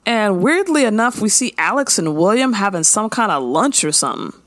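A woman co-hosting a casual recap chat, animated and playful, acting out characters' lines. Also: mid-range voice, brisk, no echo. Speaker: podcast co-host recapping a show.

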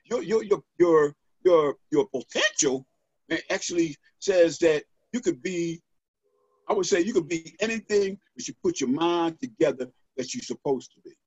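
A middle-aged man talking as a podcast guest and author, animated and preacherly, checking in with "right?" as he goes. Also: a little high, normal speed, husky, no room sound. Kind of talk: motivational podcast conversation. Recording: dull, dry lo-fi audio.

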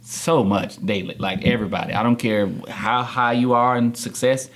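A young adult man, a podcast guest, talking candidly and acting out the people he quotes in a studio interview. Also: normal speed. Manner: animated storyteller, acts out quotes with big pitch jumps.

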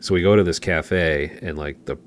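Super deep voiced podcast guy, casual storytelling, drops low for punchlines, bit of hiss behind. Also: normal speed. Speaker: podcast co-host.

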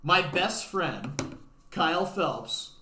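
A young man with a bright, forceful voice tells a long personal story on a podcast, loose and rambling, heavy on "like" and "um." He laughs through the telling. His voice rings around an echoey room. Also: a little high, expressive, drawn-out words. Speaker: podcast co-host. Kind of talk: casual storytelling.

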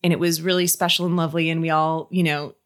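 An actress appearing as an interview guest talks casually into a podcast microphone, her low voice fairly flat in pitch and quick in pace. She gushes and chats, restarting sentences often and using many fillers.

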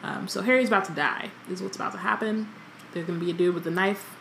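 A woman's voice: mid-range voice, steady tone, quick pace, creaky, fairly bright tone, a little hiss or hum. A young woman co-hosting a casual book podcast, reading a novel aloud and breaking off into joking commentary with plenty of ums. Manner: chatty, reads then breaks off into joking commentary with many ums.

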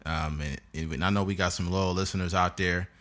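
A man's voice: deep voice, steady tone, a little fast, a bit bright. A man, hosting a podcast and telling a crude story in casual chat, laughing often. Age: 30s. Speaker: podcast host.

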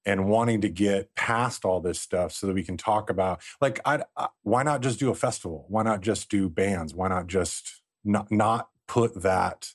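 A man's voice: on the low side, normal speed, few pauses. A middle-aged man speaking as a podcast guest, reflecting candidly on his past and swearing casually. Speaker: podcast guest, former Christian band and festival organizer. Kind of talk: casual conversation.

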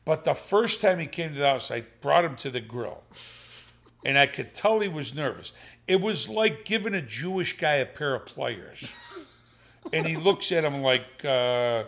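A man's voice: fairly high pitch, measured pace, vocal fry. Profane older man telling a story. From Sicilian family. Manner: animated, profane, acts out voices in the story. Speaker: father telling a family story. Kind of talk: storytelling in casual chat.

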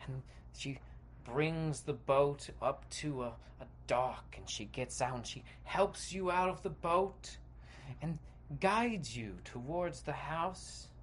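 A man's voice: a little high, takes it slowly, a little hiss or hum. A man hosting a podcast, narrating a comedic guided visualization in a playful, dramatic way with sound effects. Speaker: podcast host.

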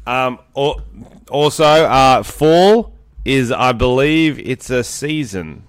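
A man's voice: mid-range voice, lively intonation, slow, clear, resonant tone. A young Australian man co-hosting a podcast, joking around and swearing freely in casual banter. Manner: crude, sweary and jokey. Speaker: podcast co-host.

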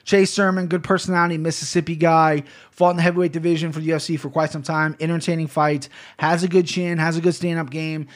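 A man's voice: on the high side, level tone, fast talker, hardly any pauses. A man from Ohio hosting a betting podcast, talking casually, rambling, swearing and often correcting himself. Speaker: podcast host picking fight bets.

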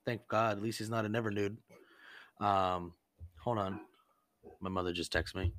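A man's voice: on the low side, steady tone, moderate pace, fairly bright tone, dry recording. A man hosting a podcast, telling rambling service stories in a casual, profane way and laughing often. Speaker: podcast host. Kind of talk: casual storytelling chat.

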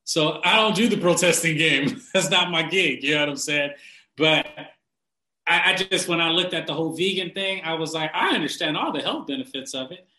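A man ranting casually and bluntly, swearing constantly, laughing often and getting animated when he mocks people. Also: fairly high pitch, moderate pace, echoey room, rough recording. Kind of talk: casual profane rant.

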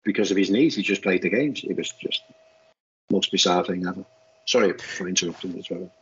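A middle-aged man from Denmark, a former footballer co-hosting a podcast, telling relaxed anecdotes in casual chat. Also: low-pitched, fairly quick, breathy edge, highs cut off. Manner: relaxed storyteller who acts out quoted voices with laughter.

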